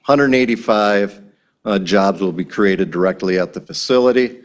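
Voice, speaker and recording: A man with a notably low voice speaks at a county board meeting, earnest and halting. He often restarts his sentences and repeats words as he talks. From Wisconsin. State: a little emotional. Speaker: timber company president.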